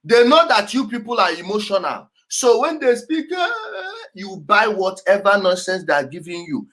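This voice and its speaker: A man's voice: high-pitched, sing-song, normal speed, fairly bright tone. A man hosting a show, reacting to clips with emphatic, repetitive commentary and frequent laughter. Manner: emphatic, repeats key words, laughs often. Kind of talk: animated commentary over clips.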